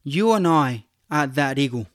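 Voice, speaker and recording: A man hosting a faith podcast, speaking in an earnest, exhorting way and slowing down on his key points. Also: mid-range voice, expressive, no echo, clean studio sound. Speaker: podcast host.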